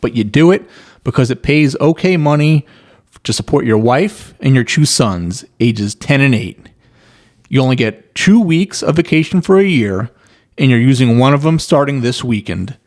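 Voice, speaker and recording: A man's voice: mid-range voice, a little mellow. A man giving reaction commentary, skeptical and building long hypothetical scenarios to argue his point.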